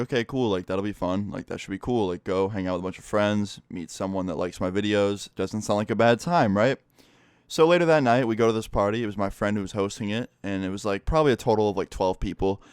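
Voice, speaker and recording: A young man telling a profane storytime tale to camera in a lively, casual way. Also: lowish voice, clear, resonant tone, dry recording, clean studio sound. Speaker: YouTuber. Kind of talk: storytime vlog.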